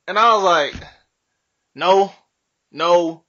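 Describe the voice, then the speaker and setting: A young man casually telling a profane, animated story on a podcast, laughing often. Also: a little high, brisk. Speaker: podcast co-host. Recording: dull lo-fi podcast audio.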